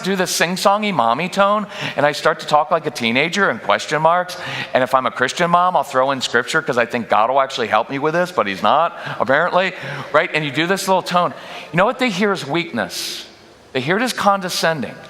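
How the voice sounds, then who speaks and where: A man leading a parenting workshop at a church, talking directly and conversationally with quick asides to the audience. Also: a little high, lively intonation, sharp tone. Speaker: guest speaker at a parenting workshop. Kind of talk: live workshop talk. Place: church hall. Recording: long reverb in a church hall.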